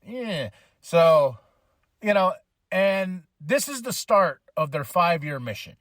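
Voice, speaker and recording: A man's voice: high-pitched, very animated, takes it slowly, fairly bright tone, dry recording, clean studio sound. A man hosting a podcast, casually retelling a film plot in a slangy, rambling way full of fillers. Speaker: podcast host. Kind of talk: casual movie review recap.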